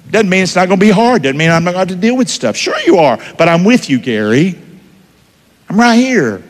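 A male preacher, folksy and animated, keeps quizzing his church. His voice sits a bit high and bounces through a wide range. The sound rings with the long reverb of a big hall. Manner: folksy, asks the congregation questions, swings between loud and hushed. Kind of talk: sermon.

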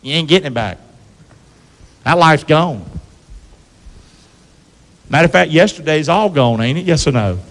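A man's voice: on the high side, lively intonation, unhurried, pauses often. A pastor preaching a sermon to his church, calling out questions for the congregation to answer back and asking them to repeat lines. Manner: call-and-response preaching, asks congregation to repeat. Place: church sanctuary. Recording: long hall reverb.

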